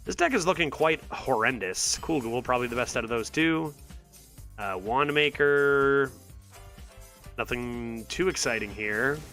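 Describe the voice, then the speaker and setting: Streaming a card game, a man thinks aloud and talks to his chat in an exasperated, sarcastic way. His medium-pitched voice is pushed and bright at a measured pace, with soft music behind him.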